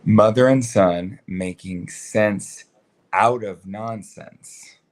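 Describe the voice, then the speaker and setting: Young male co-host, easygoing, laughs often, slightly low voice. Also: very slow. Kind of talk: casual chat.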